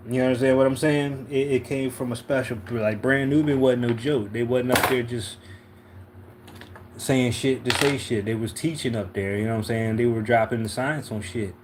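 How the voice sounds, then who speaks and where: A relaxed man from Philadelphia talks his way through a tarot spread on a livestream, slangy and unhurried. His voice sits at an ordinary middle pitch. A faint hum runs under the recording. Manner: laid-back, slangy, often asks "you know what I'm saying". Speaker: tarot reader, livestream host. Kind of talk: casual livestream tarot reading.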